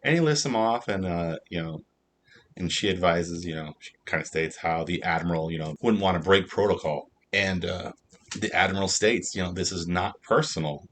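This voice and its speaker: A man with a deep, low voice walks through a TV episode scene by scene. He speaks in a casual, unscripted way with plenty of fillers. A faint rumble hums in the background. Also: normal speed, a bit bright. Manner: loose, filler-heavy retelling. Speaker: TV show reviewer.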